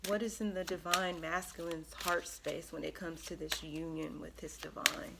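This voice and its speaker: A woman giving an earnest, emotional spiritual card reading to her viewers, pausing often with ums. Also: deep voice, flat delivery, gravelly, very noisy. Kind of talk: tarot reading monologue.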